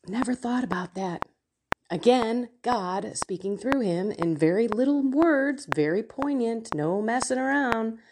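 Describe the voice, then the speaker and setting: Middle-aged woman, impassioned faith talk and prayer, slow and fervent, clear background noise. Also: fairly high pitch, animated. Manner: fervent, emotional, shifting to quiet whispers. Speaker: faith coach and speaker.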